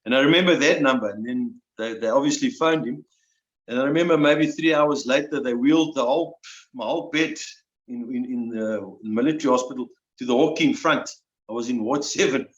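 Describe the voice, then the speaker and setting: A man in his sixties, a veteran guest telling his story in an emotional, halting way, often restarting and repeating words. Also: mid-range voice. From South Africa. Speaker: interview guest, army veteran. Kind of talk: personal storytelling. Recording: roomy, dull lo-fi sound.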